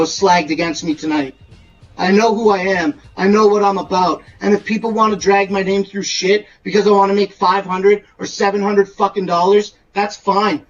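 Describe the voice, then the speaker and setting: A man arguing his side in a podcast debate, defensive and swearing freely. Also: sits high. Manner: profane, defensive, heated. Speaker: debate guest. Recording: distant, dull lo-fi mic.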